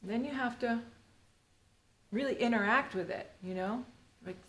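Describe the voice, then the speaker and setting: A woman's voice: a little high, unhurried, a bit bright. A middle-aged woman teaching the Alexander Technique in a live workshop, talking in a rambling, playful way full of fillers. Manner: rambling, playful and chatty, full of "you know" and "like". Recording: roomy echo with faint ambient noise.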